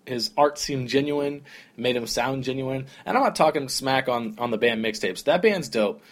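A young man hosting his own podcast talks on his own in a loose, rambling way, full of "like" and "dude." His voice sits at an ordinary middle pitch, and he chats as if to friends. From American South. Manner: rambling, lots of fillers like "like" and "dude". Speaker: podcast host. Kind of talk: solo casual podcast rant.

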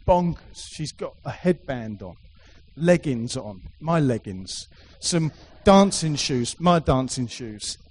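A man's voice: medium pitch, expressive, slow, hardly any pauses, darkish tone, low-quality recording. A middle-aged man preaching a sermon to a congregation, emphatic and repetitive, with playful asides. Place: church hall with a live congregation.

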